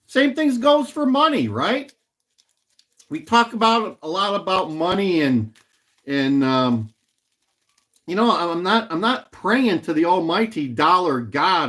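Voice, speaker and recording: A middle-aged man hosts a casual livestream from home, reading viewer comments aloud and answering them. He talks slowly, repeating phrases as he goes. His pitch swings widely from line to line. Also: a bit bright. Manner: rambling, repeats himself, reads and answers viewer chat. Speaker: livestream host. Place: home in Illinois.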